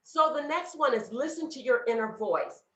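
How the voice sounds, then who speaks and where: A woman gives an earnest motivational talk on a video call and speaks straight to her listeners. Her voice sits a little high and rises and falls with a lot of life. The call audio sounds dull and roomy. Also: animated, moderate pace, fairly bright tone. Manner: earnest, conversational, addresses audience directly. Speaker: guest speaker.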